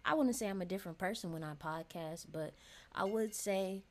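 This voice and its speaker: A woman's voice: medium pitch, normal speed, darkish tone. A young woman hosting a casual solo podcast, talking frankly and chattily straight to her listeners. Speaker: podcast host.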